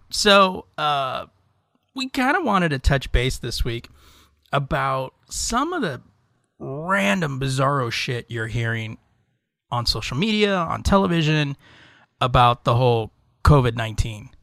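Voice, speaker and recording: A man's voice: mid-range voice, very animated, measured pace, vocal fry, pushed and bright, no echo. Casual guy rambling on a podcast, swears a lot, dry close mic. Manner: loose, rambling, swears freely, lots of fillers. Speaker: podcast co-host. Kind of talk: casual chat.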